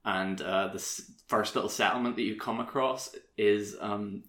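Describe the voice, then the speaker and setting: A man's voice: fairly low pitch, fairly even intonation, moderate pace, fairly bright tone. A man rambling through a game story in casual podcast chat, with many fillers. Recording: roomy echo.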